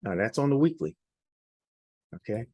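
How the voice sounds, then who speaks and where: A hoarse man presenting a weekly forex outlook over charts, rambling a little and often checking in with "all right?". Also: mid-range voice, very animated, moderate pace, mellow, lo-fi sound. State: hoarse, losing his voice. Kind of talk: unscripted chart walkthrough.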